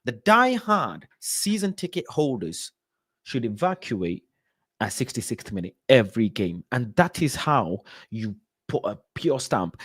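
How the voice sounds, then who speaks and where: A man hosting a late-night call-in show, his voice at an ordinary middle pitch. He talks casually and with force, hammering his points home by repeating them. The sound is dry and close, with no room around it. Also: big pitch swings, unhurried, fairly bright tone, breathy edge, no room sound. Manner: emphatic, repeats points for stress. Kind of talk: casual chat reading viewer comments.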